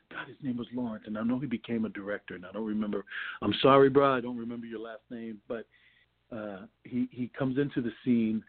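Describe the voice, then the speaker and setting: A man's voice: medium pitch, slightly rough. A man, an actor guest, telling rambling anecdotes in a casual interview, full of restarts and laughs. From New York. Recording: tinny phone-like line.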